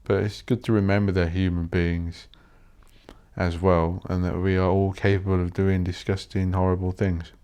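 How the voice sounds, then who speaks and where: A man hosting a solo podcast, rambling bluntly and swearing while he thinks out loud. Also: low voice, level tone, normal speed, clean tone. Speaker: podcast host.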